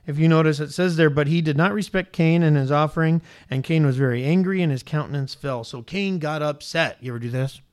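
Guy preaching, kinda high voice, gets worked up and asks the crowd stuff. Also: a little fast, few pauses. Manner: animated preaching, rising pitch on emphasis, asks congregation questions. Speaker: pastor. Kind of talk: sermon.

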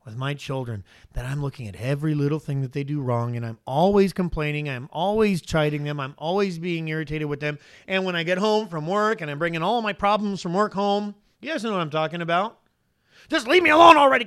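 High-voiced man preaching a lively sermon. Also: smooth. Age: adult father. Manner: animated, full of rhetorical questions to the congregation. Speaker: pastor.

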